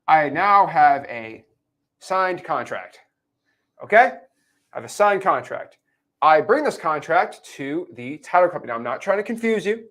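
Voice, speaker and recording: A young man teaching a real estate lesson at a whiteboard, animated, checking in with his listeners often and acting out characters in put-on voices. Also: a little high, moderate pace. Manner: animated, explains with repeated check-ins.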